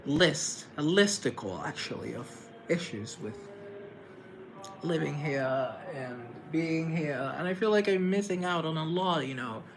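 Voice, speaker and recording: A man's voice: a little high, background noise. A man from Colombia chatting casually on a live stream, answering viewers' comments in a chatty, theatrical way.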